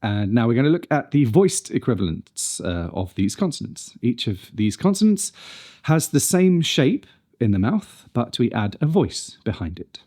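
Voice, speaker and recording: A man's voice: medium pitch, big pitch swings, moderate pace, dark tone. A man teaching a pronunciation lesson, carefully demonstrating consonant sounds one at a time. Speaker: speech coach.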